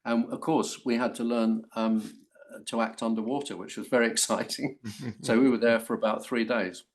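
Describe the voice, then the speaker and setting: An older English actor telling stories in an interview, animated and full of restarts. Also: male voice, mid-range voice, normal speed. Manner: animated storytelling with many restarts. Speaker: actor guest. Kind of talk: anecdotal interview.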